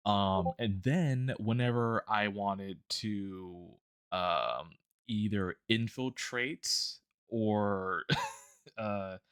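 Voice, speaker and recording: Low-voiced man, rambling and hesitant. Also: fairly bright tone, clear, resonant tone, dry recording, studio quality. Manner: rambling, hesitant, many ums. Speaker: guest. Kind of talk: casual chat.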